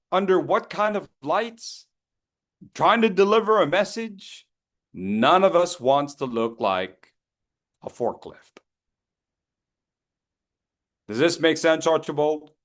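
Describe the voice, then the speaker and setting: A man's voice: sits high, expressive, slow pace, long pauses, a bit bright. A man in his fifties presenting a public speaking workshop, playful and encouraging as he calls on people by name. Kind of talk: lively interactive workshop coaching.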